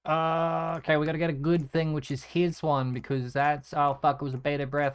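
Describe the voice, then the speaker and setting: A man's voice: a little high, fairly even intonation, fairly quick, hardly any pauses, clean tone. A male gaming streamer giving casual gameplay commentary, muttering repeated item names as he clicks and swearing often.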